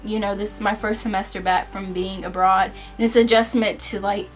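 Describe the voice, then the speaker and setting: A woman's voice: mid-range voice, fairly even intonation, fairly quick, soft background music. A young woman with a Southern American accent, a university student chatting casually and asking lots of questions. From southern United States. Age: young adult. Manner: chatty, filler-heavy, asks questions. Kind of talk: casual chat.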